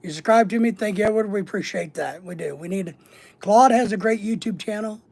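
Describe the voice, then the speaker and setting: Middle-aged guy on a livestream, husky and a bit creaky, rambling and joking with chat. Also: high voice, brisk, darkish tone. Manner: rambling, jokey, repeats words and lists. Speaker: livestream host reading chat. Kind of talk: casual chat.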